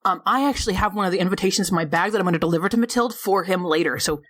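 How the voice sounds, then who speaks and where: A woman's voice: fairly low pitch, rapid-fire. A woman playing in a tabletop role-play game, chatting playfully in character. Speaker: player.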